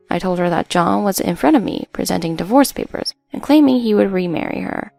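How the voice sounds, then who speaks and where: A woman narrating a first-person story in an even, matter-of-fact way. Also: medium pitch, fast, gravelly, few pauses, no echo, faint music behind.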